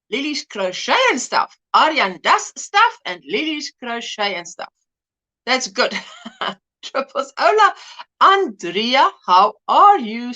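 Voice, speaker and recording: A woman hosting a casual crafting livestream, chatting and greeting viewers one by one by name with quick asides. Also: high-pitched. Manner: animated, quick asides and laughs. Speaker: livestream host.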